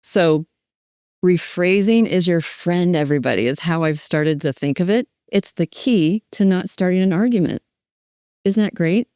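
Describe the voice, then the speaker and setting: A woman dementia care educator teaching in an animated, emphatic way, with role-play demonstrations. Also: fairly low pitch, normal speed, no echo, studio quality.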